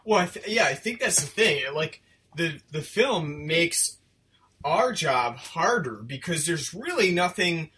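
A man's voice: on the high side, measured pace, slight background noise. A man co-hosting a casual film review podcast, rambling and joking at his own expense. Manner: rambling, self-deprecating, lively. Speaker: podcast co-host.

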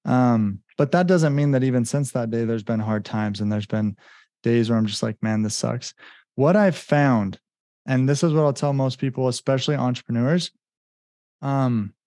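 A man's voice: mid-range voice, moderate pace, warm tone, no room sound, clean studio sound. A man talking as a podcast guest, telling a personal story in an earnest, casual way, with many "like" fillers and acted-out bits of remembered dialogue.

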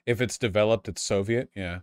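A man streaming live, chatting casually and excitably with his viewers, swearing freely. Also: lowish voice, brisk, smooth, dry recording, clean studio sound.

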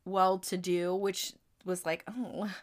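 Woman cohost chatting loosely, mid-pitch voice, lots of little restarts. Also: normal speed, pushed and bright. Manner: chatty, restarts, laughs between thoughts. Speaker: podcast co-host. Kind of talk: casual chat about a movie.

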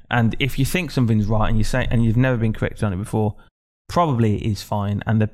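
A man's voice: fairly low pitch, a little mellow. A man hosting a casual podcast chat, ranting and reading out quiz questions. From Britain. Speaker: podcast host.

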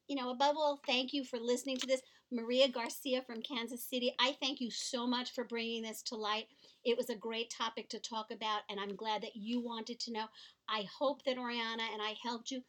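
A woman's voice: on the high side, steady tone, a little fast, fairly bright tone. Earnest woman telling a heartfelt story. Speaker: podcast co-host. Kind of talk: earnest podcast talk.

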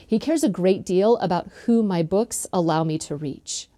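Earnest middle-aged woman author, mellow lowish voice, dry close sound, lots of ums. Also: normal speed, dry recording. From northern Utah, USA. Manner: earnest, animated storyteller with frequent ums. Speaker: author guest. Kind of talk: interview storytelling.

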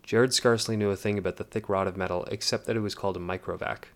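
This is an audiobook narrator, male, with a very low voice that holds level throughout. He reads in an even, measured way.

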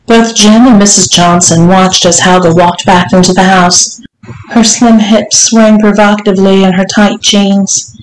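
A woman narrating a bedtime-style story in a measured, unhurried read-aloud. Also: mid-range voice, steady tone. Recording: roomy echo.

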